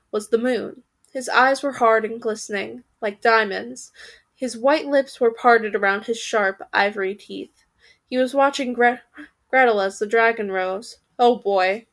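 A woman with a slightly high voice reads a storybook aloud for her podcast. She keeps the telling lively and now and then trips over a word, corrects it and goes on. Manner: lively, occasionally stumbling and correcting herself. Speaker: podcast reader.

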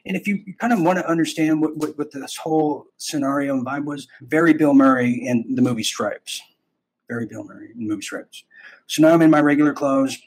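A man's voice: fairly high pitch, brisk, darkish tone, husky, rough recording. A man hosting a podcast, telling a rambling, self-interrupting personal story in a casual way and acting out bits of dialogue. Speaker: podcast host.

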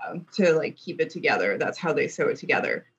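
A woman who works in costumes, explaining things in a casual, halting way and laughing easily. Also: low-pitched, big pitch swings, muffled recording. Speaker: costume professional. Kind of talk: casual explaining on a video call.

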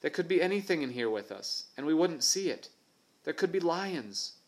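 A man's voice: on the high side, sing-song, moderate pace, voice pushed up. A man voicing a plump, know-it-all boy who insists on gruesome jungle tales in a raised voice. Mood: uneasy. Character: plump boastful boy Tubby Ted.

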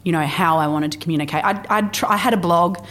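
A woman from Australia speaks fast in a lowish voice. She's a podcast guest casually chatting about her work in a conversational interview, telling lively stories peppered with filler words.

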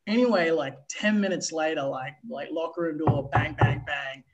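Aussie umpire guy, slightly high voice, rambling animated yarns with lots of "like". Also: moderate pace, dull audio, soft background music. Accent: Australian. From Australia. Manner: animated, filler-heavy storytelling with swearing. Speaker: guest, baseball umpire. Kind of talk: casual interview storytelling.

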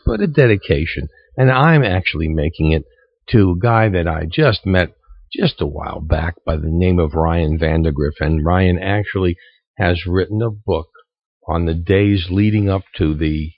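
A man hosting a radio show, talking casually and a little haltingly with restarts. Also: low voice, slightly rough, no room sound. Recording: dull, lo-fi sound.

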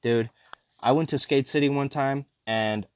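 A man's voice: medium pitch, a little slow, dry recording. Guy in his 20s rambling on his podcast, lots of dude and bro, super dry sound. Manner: rambling, slangy, calls listeners dude and bro. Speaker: podcast host. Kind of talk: casual chat.

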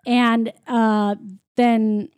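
A woman's voice: fairly high pitch, extremely slow, clean tone, no room sound, clean studio sound. A woman in casual chat, animatedly retelling a film and acting out the characters' lines. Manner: animated storyteller, acts out characters' lines, swears freely. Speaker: podcast co-host.

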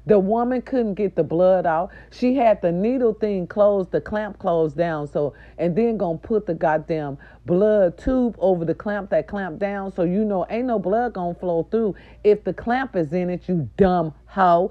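A middle-aged woman, a nurse aide, telling viewers a story in a loud, profane, indignant rant. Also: mid-range voice, unhurried, few pauses. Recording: dull lo-fi recording.

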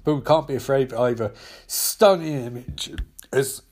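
A man's voice: medium pitch, unhurried, a little mellow. A man casually reading a comic aloud, rambling, swearing and correcting himself as he goes. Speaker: comic reader.

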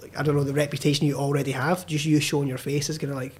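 Rapid-fire and flat in delivery, a young Scotsman with a highish, darkish, slightly rough voice shares a story as a podcast guest. The filmmaker tells it animatedly, acting out quotes and swearing freely in casual conversation.

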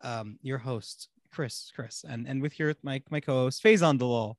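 A man's voice: mid-range voice, moderate pace, no room sound, studio quality. A young man hosting a casual podcast chat, giggling often through his own jokes. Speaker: podcast host.

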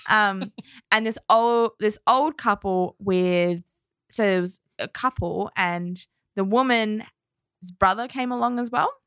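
A woman co-hosting a chatty podcast, telling workplace stories with a lot of animation and laughter. Her voice sits at a middle pitch and is recorded close and dry, with no room sound around it. She leans into her retold quotes. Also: takes it slowly, fairly bright tone, smooth, no room sound. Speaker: podcast co-host. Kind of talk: casual chat, storytelling.

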